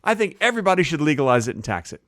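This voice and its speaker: A man in his thirties chats casually as a podcast co-host, rambling and animated. His pitch rolls up and down freely as he talks. The sound is dry and close to the mic. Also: very fast, no room sound. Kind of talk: casual chat.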